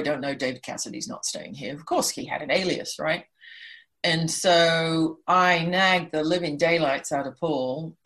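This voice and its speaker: A middle-aged woman, a guest, telling a story in a lively way and often laughing. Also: sits low. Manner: animated, laughing, acts out quoted voices. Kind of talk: casual storytelling.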